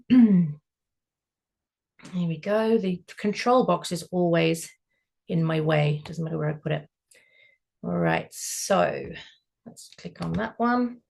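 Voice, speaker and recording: A woman founder hosting an online meeting, briskly walking her team through a new platform. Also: fairly low pitch, sing-song, vocal fry, a little mellow. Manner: upbeat, brisk, explains step by step. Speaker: project founder and meeting host. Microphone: video call.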